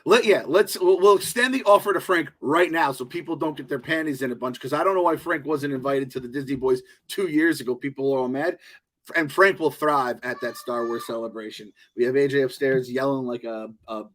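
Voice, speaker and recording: A man's voice: mid-range voice, a little fast, a bit bright. Profane, rambling podcast co-host man. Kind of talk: casual podcast chat.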